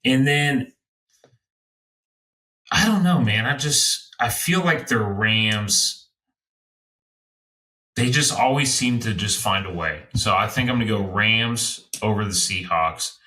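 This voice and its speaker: A man's voice: lowish voice, takes it slowly, pauses often, sharp tone. A man hosting a podcast, rambling loosely and playfully through chat and sign-off plugs. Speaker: podcast host.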